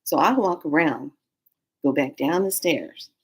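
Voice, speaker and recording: A woman vlogger telling a story in a casual, animated, slangy way, acting out every quote. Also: low-pitched, a little slow, slightly rough.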